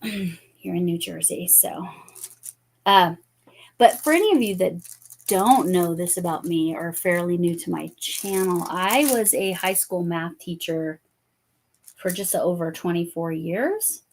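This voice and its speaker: A woman in her fifties with a lowish voice and a measured pace hosts a crochet channel. She chats casually while crafting, addressing viewers by name and often correcting herself.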